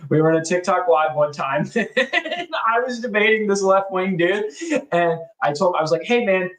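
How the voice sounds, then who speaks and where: A man's voice: high voice, normal speed, reverberant, poor audio. A man co-hosting a political podcast, chatting casually, laughing often and telling stories. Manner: laughing, storytelling, animated. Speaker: podcast co-host.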